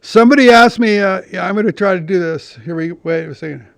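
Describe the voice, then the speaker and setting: High, smooth-voiced older man rambling. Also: fast, no echo, clean studio sound. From California. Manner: meandering, profane, self-deprecating storytelling with many restarts. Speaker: podcast host. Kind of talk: rambling monologue.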